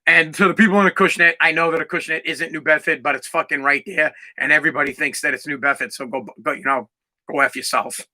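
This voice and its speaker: A man from Massachusetts, hosting a solo podcast and ranting loudly with lots of swearing and restarts. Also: a little high, fairly even intonation, fast talker. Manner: loud, swearing, repetitive restarts. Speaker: podcast host. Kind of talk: profane solo podcast rant.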